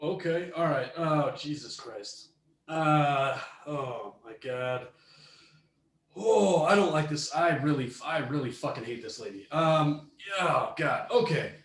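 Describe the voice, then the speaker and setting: A man co-hosting a podcast, ranting with heavy profanity and frequent shouting as he reacts to a story. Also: fairly high pitch, expressive, slow, echoey room. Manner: profane, heated, often shouting. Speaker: podcast co-host. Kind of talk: ranting commentary on a reader story.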